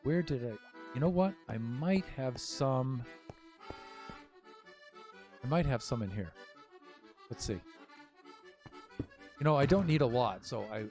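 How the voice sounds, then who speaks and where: A man's voice: mid-range voice, darkish tone. A man casually talking through his building as he streams a game, thinking aloud with many fillers. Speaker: Minecraft streamer.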